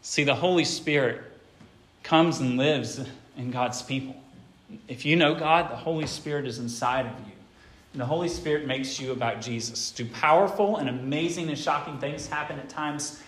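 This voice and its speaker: A middle-aged man preaching a sermon to his church, swinging between loud emphatic stretches and quieter ones. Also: on the high side, normal speed. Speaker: pastor.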